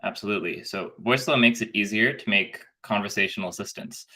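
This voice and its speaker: A man on a live tech show as a guest, friendly and relaxed as he explains his work. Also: fairly low pitch, fast talker. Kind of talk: casual interview.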